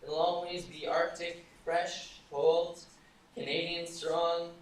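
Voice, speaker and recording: A woman putting on a sly male devil-type shopkeeper with a smooth salesman pitch, selling enchanted beer. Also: level tone, takes it slowly. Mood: bargaining. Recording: echoey room, far from mic.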